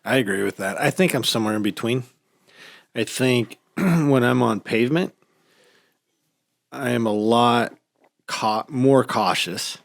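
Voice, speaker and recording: A man casually chatting on a podcast, telling stories with lively acted-out quotes. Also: mid-range voice, a little slow, vocal fry, long pauses, dry recording, clean studio sound. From United States. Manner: animated storytelling, acts out quotes. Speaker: podcast host. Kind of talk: casual chat.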